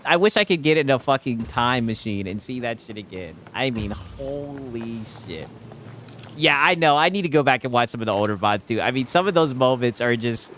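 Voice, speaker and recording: A man's voice: fairly high pitch, fairly bright tone. A man chatting casually on a stream, telling stories with frequent laughter and swearing.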